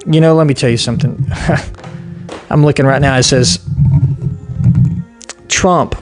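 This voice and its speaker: A man hosting an online show, delivering a heated, profane, shouting solo rant. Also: medium pitch, fairly even intonation, racing, soft background music.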